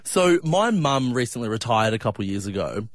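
A man co-hosting a radio chat, his pitch bouncing about as he tells stories. The sound is dry and close on a studio mic. He laughs easily. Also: very animated, moderate pace, no echo. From Australia. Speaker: radio co-host. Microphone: studio microphone.

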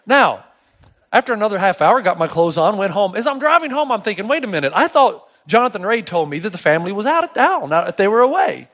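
A male pastor with a notably high voice delivers a sermon. He is middle-aged and tells his anecdotes with animation, dropping into the voices of the people he describes. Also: sing-song, fast talker, hardly any pauses, fairly bright tone.

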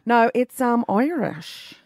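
A woman's voice: fairly high pitch, lively intonation, slow. A woman co-hosting a breakfast radio show, playful and teasing in the banter. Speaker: radio co-host. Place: radio studio.

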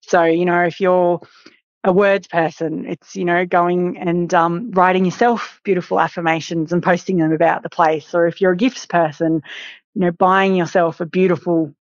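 A woman's voice: on the low side, flat delivery, moderate pace, dry recording. A woman naturopath guest in a casual interview, rambling and searching for words. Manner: warm, rambling, light laughs, searches for words. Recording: dull, muffled remote line.

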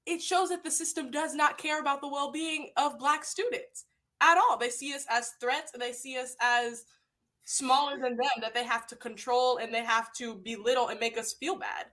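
A woman in a group discussion, speaking with forceful indignation. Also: sits high, steady tone, moderate pace.

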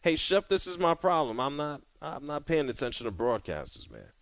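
A man hosting a sports radio talk show, talking in a relaxed, conversational way. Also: fairly high pitch, normal speed, dry recording.

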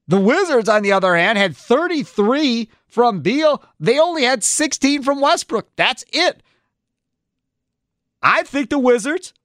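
A man hosting a sports talk show, giving strong opinions in an animated way with quick restarts. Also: very high voice, no echo, clean studio sound.

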